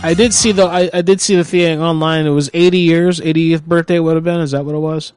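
A man's voice: on the high side, fairly even intonation, brisk, a little mellow, clean tone, no room sound, studio quality, faint music behind. A man hosting a talk show, teasing his co-host and rambling with lots of swearing. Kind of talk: casual crude banter.

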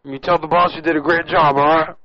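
A man's voice: fairly high pitch, little pitch movement, a little fast, a crowd in the background, close to an everyday voice. A man doing a sleazy drawling prank caller. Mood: sleazy boasting. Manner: drawling, calls everyone baby. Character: crude, lewd male prank caller, pushy and boastful. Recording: muffled lo-fi audio.

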